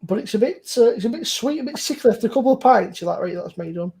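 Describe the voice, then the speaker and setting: A woman with a husky, slightly breathy voice hosts a relaxed chat over a few beers. She rambles along loosely, swears often and breaks into laughter between thoughts. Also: fairly high pitch, rapid-fire. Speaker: host.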